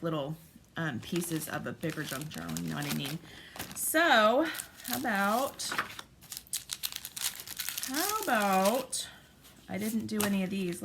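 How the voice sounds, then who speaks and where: A woman's voice: mid-range voice, measured pace, pauses often. A woman in her forties giving a casual craft tutorial at home, chatty and thinking aloud with frequent ums. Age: 40s. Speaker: craft vlogger. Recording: steady background noise, paper crinkling.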